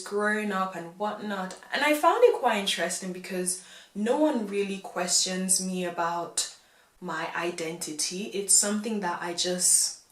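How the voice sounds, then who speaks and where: A young woman vlogging in a reflective, casual way, pausing often with fillers as she thinks aloud. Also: medium pitch, fairly bright tone, echoey room, low-quality recording. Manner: slow, thoughtful, pauses with fillers. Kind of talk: reflective casual talk to camera.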